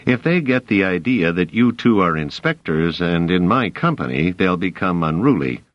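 A man voicing a brisk, commanding male supervisor who speaks curtly and warily. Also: low voice, big pitch swings, no room sound, highs cut off. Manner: curt, commanding.

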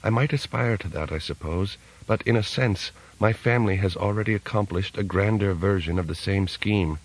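A man's voice: fairly low pitch, normal speed, slightly rough, low-quality recording. A man voicing a dreamy, detached aristocratic young woman, speaking in a languid, lofty way in an audiobook. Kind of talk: audiobook character reading.

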